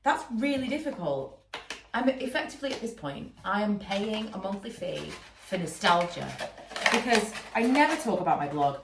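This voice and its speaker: Congested woman chatting in an echoey room. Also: on the low side. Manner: rambling, chatty, many fillers. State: congested from a cold, sniffling. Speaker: vlogger and candle maker. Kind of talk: casual chat to camera. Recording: echoey room, mic a little far, noisy.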